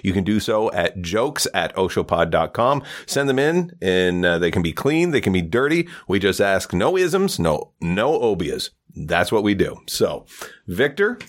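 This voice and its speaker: A man hosting a comedy podcast, introducing a segment in a relaxed patter with many fillers. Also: deep voice, measured pace. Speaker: podcast host.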